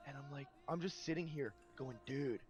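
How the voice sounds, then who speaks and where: A man in casual chat, telling a story in a relaxed, dry way and mimicking the people in it. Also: on the high side, fairly quick, husky, soft background music.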